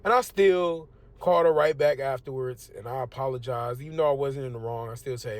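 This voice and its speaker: A man's voice: medium pitch, a little fast. A young man, preaching in a casual, emphatic and conversational way. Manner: conversational, emphatic, lots of "you know what I'm saying". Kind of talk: casual street-preaching talk.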